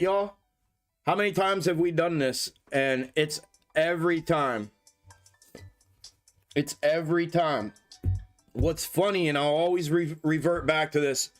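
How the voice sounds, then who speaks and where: A man hosts a casual trading livestream from his desk, swearing and calling out numbers to his viewers. His voice sits a little high for a man. Faint music plays in the background. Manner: profane, excitable, talks to viewers as "y'all". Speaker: stock market livestream host. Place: home desk setup.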